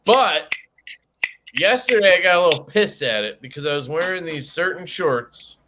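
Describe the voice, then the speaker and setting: A man's voice: fairly high pitch, animated, moderate pace, noisy background. A man hosting a casual chat, joking crudely and talking with lots of energy. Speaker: host.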